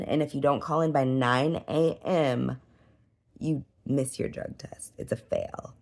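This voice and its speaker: A vlogger in her thirties rambles through a casual personal vlog, restarting often and leaning on "like" and "you know." She gets emotional and worked up easily. Her voice sits low with vocal fry and a darkish tone.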